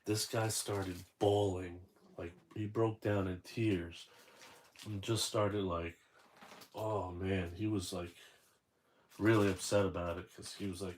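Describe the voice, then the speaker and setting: A man's voice: low-pitched, steady tone, unhurried, background noise. A man unboxing a toy figure and chatting casually, rambling and correcting himself as he tells a story.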